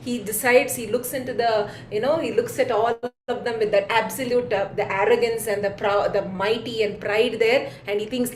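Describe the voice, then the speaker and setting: Woman storyteller, animated, high voice, roomy echo. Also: moderate pace, hardly any pauses, slight background noise. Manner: animated, addresses listeners directly. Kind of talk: devotional storytelling.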